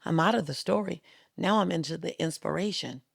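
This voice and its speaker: A woman speaker on a podcast as a guest, telling stories in an emphatic, rhythmic and animated way. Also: fairly low pitch, brisk, creaky, slightly rough, dry recording, clean studio sound. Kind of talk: storytelling interview talk. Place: podcast studio.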